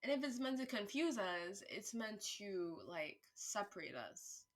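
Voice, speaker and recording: A woman vlogger thinking aloud in a casual monologue, rambling with restarts, swearing freely, and turning louder and higher when worked up. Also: a little slow. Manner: animated, rising pitch and volume when worked up.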